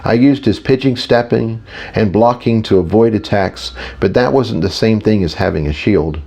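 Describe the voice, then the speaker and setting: Casting: male audiobook narrator, casual first-person read, low voice. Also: moderate pace, dark tone. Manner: casual, with small reading slips.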